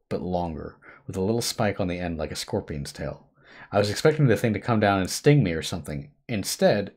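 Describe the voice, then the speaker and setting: A man hosting a live stream, reading a horror story aloud with expressive shifts between hushed and urgent delivery. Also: deep voice. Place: home streaming setup.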